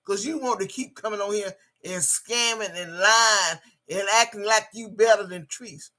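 A woman's voice: mid-range voice, moderate pace, bright, forceful tone. A woman hosting a livestream, ranting in a profane, combative, repetitive way and reading out viewer chat. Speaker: livestream host. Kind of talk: angry livestream rant.

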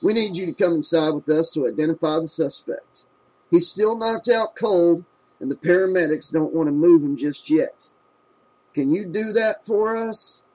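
A man voicing a gruff, matter-of-fact old police chief. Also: a little high, normal speed, a little mellow, close to an everyday voice, poor audio. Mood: businesslike.

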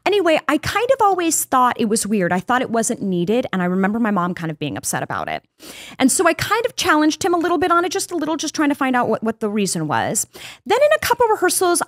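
A woman's voice: on the high side, wildly swooping pitch, fairly quick, dry recording, studio quality. A woman co-hosting a podcast, chatting casually and telling stories with self-deprecating asides. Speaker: podcast co-host. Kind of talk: casual chat.

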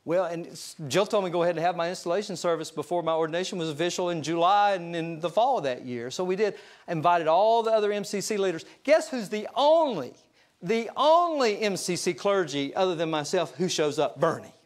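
A man's voice: sits high, animated, fairly quick. A middle-aged man preaching to his congregation, folksy and full of joking asides. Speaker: pastor. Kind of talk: sermon. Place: church sanctuary.

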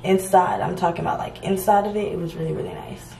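A young woman from Georgia in the US, chatting casually to her viewers in a vlog, relaxed and slangy, calling them y'all. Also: lowish voice, fast talker, reverberant, soft background music. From Georgia, USA. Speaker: vlogger. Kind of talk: casual vlog chat to camera. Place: hotel room.

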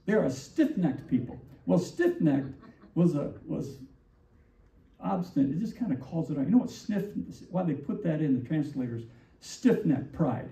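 A man preaching a sermon as pastor, animated and full of rhetorical questions, acting out the lines he quotes. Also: a little high, normal speed, gravelly. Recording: distant, roomy, dull church recording.

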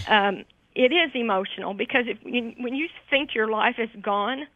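A woman calls in to a radio program and tells her story with heartfelt gratitude, emotion close to the surface. Her slightly high voice comes through a dry, tinny phone line. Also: animated, moderate pace, no room sound. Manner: heartfelt, grateful, tearful. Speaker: radio show caller. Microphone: telephone.

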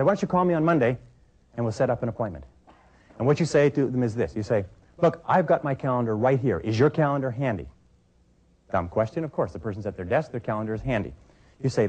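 A man's voice: medium pitch, a little mellow, dull audio. A middle-aged man giving a sales training talk, coaching emphatically and acting out both sides of phone calls.

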